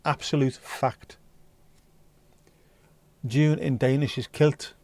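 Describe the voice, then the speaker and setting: Bloke chatting on his stream, jokey, dark tone, close dry sound. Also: medium pitch, fairly even intonation, takes it slowly, no room sound. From North West England. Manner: joking, banter with chat. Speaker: livestream host. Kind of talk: casual livestream chat reading comments.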